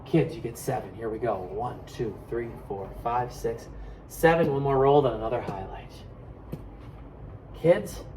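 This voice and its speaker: A man teaching kids a math board game, talking loudly and playfully. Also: mid-range voice, normal speed, a little hiss or hum. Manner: loud, excitable, playful.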